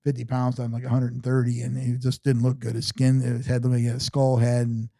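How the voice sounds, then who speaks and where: A man's voice: mid-range voice, monotone, brisk, dark tone, dry recording. A man in his sixties, an interview guest telling long personal stories in an earnest, rambling way, often restarting sentences. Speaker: podcast guest. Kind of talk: casual storytelling interview.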